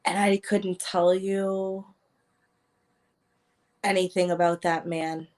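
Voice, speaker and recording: Slow-spoken woman recalling haltingly. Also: lowish voice, flat delivery, darkish tone. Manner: hesitant, halting recollection. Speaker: interview guest. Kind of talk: casual interview chat.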